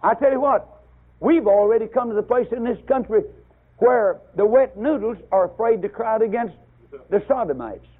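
Husky older preacher on tinny radio. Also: male voice, normal speed. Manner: rising to loud emphatic bursts, then dropping low. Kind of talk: fiery sermon.

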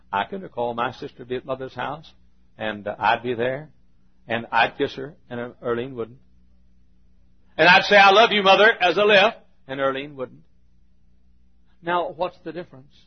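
Old preacher guy, husky voice, quiet then suddenly loud, muffled old tape. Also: mid-range voice. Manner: swings from quiet storytelling to loud emphatic bursts. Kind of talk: sermon. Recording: dull lo-fi sermon recording.

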